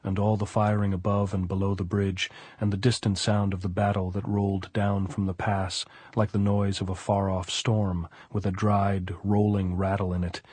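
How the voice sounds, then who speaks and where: A man narrating a novel as an audiobook in an even, measured way. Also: deep voice, breathy edge, no echo. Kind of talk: scripted narration.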